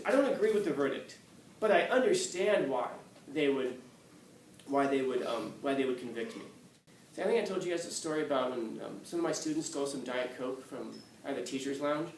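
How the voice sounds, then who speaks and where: In an echoey classroom recorded from a distance, a man lectures with anecdotes, acting out quotes and laughing often. His voice is fairly high and a little fast, with slight background noise, and his storytelling is animated.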